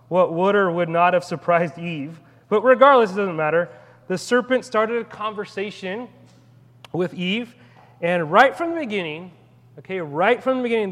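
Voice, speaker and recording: High-voiced man preaching in a reverberant hall. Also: a bit bright. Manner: conversational, rambling asides with frequent restarts. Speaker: pastor. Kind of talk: sermon.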